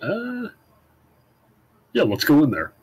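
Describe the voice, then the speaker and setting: A man's voice: on the high side, huge pitch swings, takes it slowly, husky. A man playing a tabletop game, chatting casually in a laid-back, wry way. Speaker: player.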